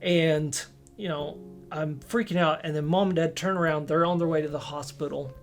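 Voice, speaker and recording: A man telling a personal story in a casual, halting way, often restarting sentences and acting out what others said to him. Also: fairly high pitch, fairly even intonation, faint music behind. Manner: halting, with many restarts and quoted dialogue. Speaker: storyteller recounting a personal experience.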